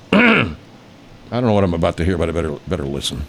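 A man's voice: sits low, very fast, background noise. A middle-aged man in a rambling, profane, casual reaction vlog, mocking himself as he goes.

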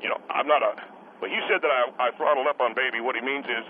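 A man's voice: medium pitch, fairly even intonation, fast, pitched below the performer's own voice, natural voice. Male performer as an earnest, defensive caller who stumbles over his words; thin phone sound. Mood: flustered. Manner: earnest, flustered, hesitant. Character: emotional, defensive family-man caller. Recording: tinny phone line with background noise.

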